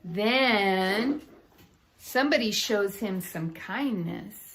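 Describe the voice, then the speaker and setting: A woman reading a children's picture book aloud, with animated storytelling and playful sound effects. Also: mid-range voice, extremely slow, a little hiss or hum.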